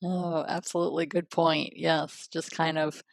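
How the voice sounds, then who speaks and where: Gravelly low-voiced woman host. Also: flat delivery, measured pace, no room sound. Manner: affirming, asks follow-up questions. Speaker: podcast host. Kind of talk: podcast interview.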